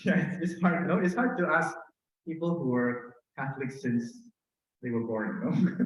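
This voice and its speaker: A middle-aged man with a Filipino accent gives a conversational sermon in a gentle, personal way, often asking "no?". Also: on the high side, takes it slowly, long pauses. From Philippines. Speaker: preacher. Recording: very echoey room.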